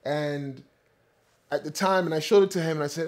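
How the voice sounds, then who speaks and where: A man's voice: fairly high pitch, a little fast, a little mellow. A man in his thirties, a company founder, eagerly telling a rambling personal story straight to his viewers. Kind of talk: casual storytelling to camera.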